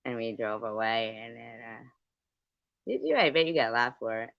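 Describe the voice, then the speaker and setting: Extremely low and gravelly, this middle-aged woman's voice moves with lively intonation at a moderate pace as she hosts a livestream, telling stories, answering viewers, laughing often, and swearing freely. Her computer mic produces dry, dull lo-fi audio with no room sound.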